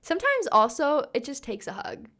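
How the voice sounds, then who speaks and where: A woman's voice: high voice, wildly swooping pitch, normal speed, a bit bright. A young woman co-hosting a podcast, chatting casually with many fillers. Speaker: podcast co-host. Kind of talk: casual chat.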